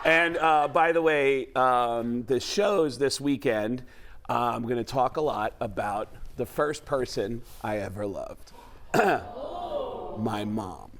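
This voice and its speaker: A man from New York, a talk-show guest impressionist, telling stories in animated casual chat and breaking into voices. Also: mid-range voice, takes it slowly, background noise.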